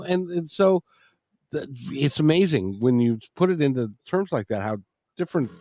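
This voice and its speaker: Man in his 60s, rambling storyteller, slightly high voice, dry close sound. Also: expressive, normal speed, darkish tone, no echo. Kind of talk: casual conversation, storytelling.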